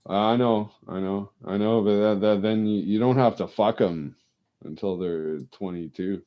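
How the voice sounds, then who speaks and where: A man's voice: lowish voice, a little slow, dull audio. A man rambling in casual chat, often repeating himself and swearing freely. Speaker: casual talker.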